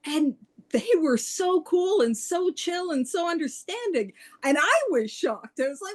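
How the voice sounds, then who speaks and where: High-voiced woman, laughing often. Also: unhurried. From Canada. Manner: laughs often, animated and self-mocking. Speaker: speaker at a twelve-step study meeting. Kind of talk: casual talk on recovery.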